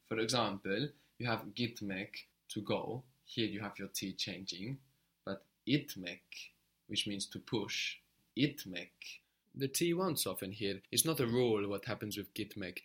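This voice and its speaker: A man's voice: on the low side, a little slow, a bit bright. A man teaching a spoken language lesson, patiently explaining step by step and prompting his learner.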